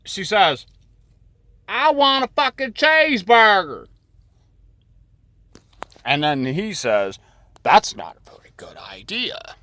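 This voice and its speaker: A man's voice: mid-range voice, sharp tone, no room sound. A man presenting his own illustrated story in crude, rambling comic commentary, swearing constantly. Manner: rambling and profane, many fillers.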